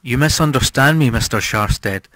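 A man's voice: medium pitch, fairly even intonation, moderate pace, lightly acted. A man voicing a mild, ironic old recluse. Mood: mild reproach. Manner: gently ironic, soft-spoken.

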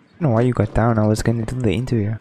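A man's voice: on the low side, little pitch movement, racing, dark tone, a little hiss or hum. A man giving casual, rambling let's-play commentary, hesitant and full of ums. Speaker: gaming streamer.

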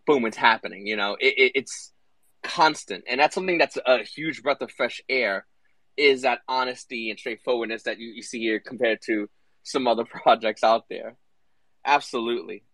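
A man's voice: medium pitch, moderate pace, bright, forceful tone, dry recording, poor audio. A man hosting an online audio call, talking loosely with restarts and slang. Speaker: host.

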